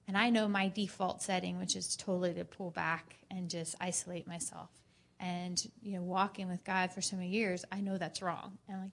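A woman in a church group sharing an earnest personal testimony, telling her story in an animated way. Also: fairly low pitch, normal speed, gravelly.

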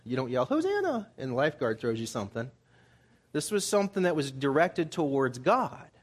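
A man's voice: medium pitch, animated, brisk. A man preaching a Bible study sermon in a conversational way, acting out the people he quotes with rising emphasis. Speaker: pastor.

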